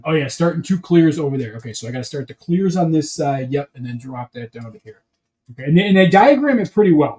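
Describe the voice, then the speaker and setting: A man's voice: fairly high pitch, dark tone, low-quality recording. A man chatting casually on a livestream as he builds a brick set, rambling and restarting his sentences.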